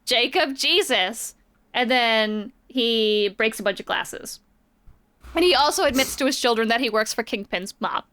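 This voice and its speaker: A chatty woman with a fairly high, smooth voice recaps a comic story for a podcast. She talks casually and drops playful quoted lines into her retelling. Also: normal speed, fairly bright tone. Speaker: podcast co-host.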